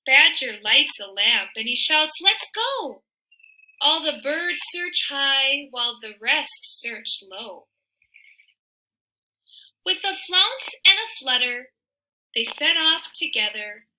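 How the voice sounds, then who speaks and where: A woman reading a children's picture book aloud in an expressive, sing-song way, with soft asides to the listener. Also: high voice, slow pace, rough recording. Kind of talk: read-aloud storytelling for children.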